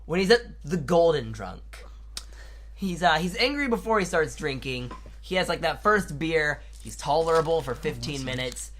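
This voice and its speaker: A man's voice: fairly high pitch, animated, moderate pace, fairly bright tone, slight background noise. A man in his twenties, co-hosting a casual podcast and telling rambling stories with restarts. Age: 20s. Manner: rambling storytelling with many restarts. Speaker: podcast co-host. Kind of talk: casual chat.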